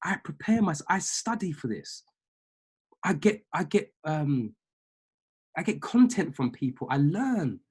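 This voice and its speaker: A man's voice: on the high side, sing-song, unhurried, long pauses, breathy edge. A man, a trading mentor giving a fired-up motivational talk on a group call, repeating phrases like a preacher.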